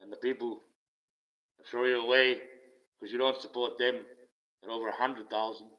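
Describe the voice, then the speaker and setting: Swearing freely and laughing wryly, an older Australian man vents in a bitter, casual rant on his stream. He speaks in a mid-range, steady voice at a moderate pace, and the lo-fi recording is slightly dull.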